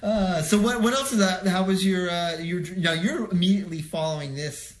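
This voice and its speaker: A man's voice: sits high, normal speed. A man hosting a casual live talk show and trading dry, teasing jokes. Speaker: podcast host. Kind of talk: casual chat. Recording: roomy echo.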